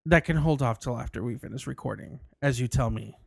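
Speaking fairly quickly with vocal fry at a medium pitch, a male podcast co-host laughs and restarts his way through a rambling story. It's a casual chat recorded in an indoor studio, clean and with no room sound.

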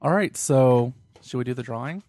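A man's voice: medium pitch, moderate pace, a little mellow, no room sound. A young man co-hosting a casual podcast, playful and giggly. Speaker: podcast co-host.

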